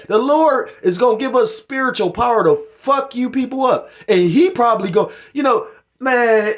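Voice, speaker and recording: A man's voice: very high-pitched, a bit bright. A middle-aged man giving rambling, profane commentary on scripture and current events, heated and full of restarts. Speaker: religious commentator.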